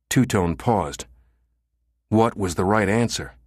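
A man narrating a thriller audiobook in a measured, dramatic way. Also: on the low side, no room sound, studio quality.

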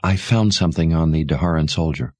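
Man voicing young woman, earnest, worried, hushed pleading voice, storybook, dry close sound. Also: rumbling low, brisk, no room sound.

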